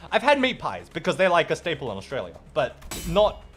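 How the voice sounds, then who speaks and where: A man's voice: a little high, huge pitch swings, a little fast, a bit bright, soft background music. A young man, a streamer, chatting casually and playfully with viewers while gaming. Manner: chatty and playful, reacts to chat. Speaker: streamer and host.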